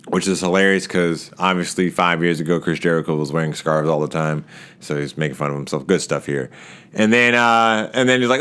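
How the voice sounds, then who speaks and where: A man reviewing a wrestling episode in a casual, chatty way. His voice is bright and lively, swinging widely in pitch as he jumps into raised voices to act out wrestlers' lines. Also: normal speed, smooth. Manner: animated, laughs often, acts out wrestlers' lines in raised voices. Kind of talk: casual recap commentary.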